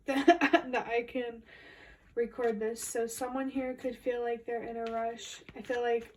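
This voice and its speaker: A woman with a fairly high voice talks through a tarot reading in a flat, even tone. She muses aloud in a meandering, intuitive way, and her voice sits a little back from the microphone. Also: slight background noise. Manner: musing, meandering intuitive commentary. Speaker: tarot reader. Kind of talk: casual spoken tarot reading. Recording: voice a bit distant from the mic.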